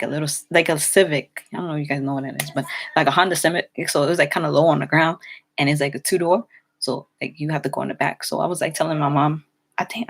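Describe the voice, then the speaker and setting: A woman's voice: deep voice, creaky. A young woman telling a rambling, chatty story for her vlog, full of fillers and restarts. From New York City. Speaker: vlogger.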